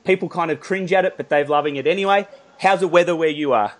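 A man's voice: fairly high pitch, fast. Chatty Australian man hosting. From Melbourne, Australia. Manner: chatty, laughs often, rambling. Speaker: podcast host. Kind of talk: casual interview chat.

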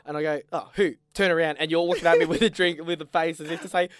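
A man's voice: a little high, fairly even intonation, fast talker, no room sound, clean studio sound. A young Australian man co-hosting a podcast, telling a story in casual chat with a lot of self-mocking laughter. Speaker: podcast co-host.

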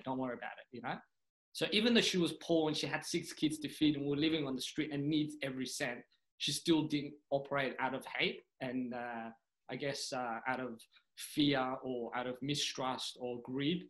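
A man's voice: mid-range voice, poor audio. Earnest young man from Sudan. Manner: earnest, animated, heavy use of "you know" and "man". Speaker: podcast guest, comedian. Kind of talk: casual storytelling interview.

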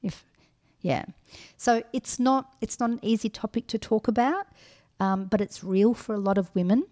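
A woman's voice: on the high side, normal speed, warm tone. A middle-aged woman co-hosting a podcast, giving frank advice in a casual chat with many ums and restarts. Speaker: podcast co-host.

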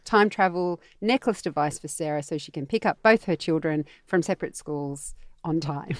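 A woman's voice: deep voice, normal speed, no room sound, studio quality. A woman with an Australian accent hosting a casual podcast chat, laughing often and joking. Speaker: podcast host.

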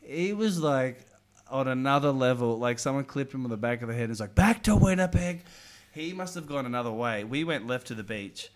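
A young man in casual podcast chat, rambling through stories and loudly acting out what people said. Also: medium pitch, a little fast. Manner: rambling storyteller, acts out quotes loudly.

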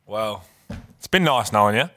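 A man's voice: lowish voice, expressive, moderate pace, pushed and bright. A man co-hosting a sports podcast in easygoing, teasing casual chat. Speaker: podcast co-host.

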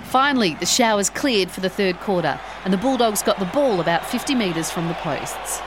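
Lively woman storyteller. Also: mid-range voice, normal speed, few pauses, crowd noise, background noise. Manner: expressive, rising with excitement. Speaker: podcast host and narrator. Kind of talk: storytelling narration. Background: background music.

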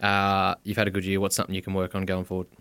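A man's voice: sits low, completely flat delivery, racing, a bit bright, clear, resonant tone, no room sound. A young Australian man hosting a casual podcast interview, teasing and bantering with his guests. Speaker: podcast host.

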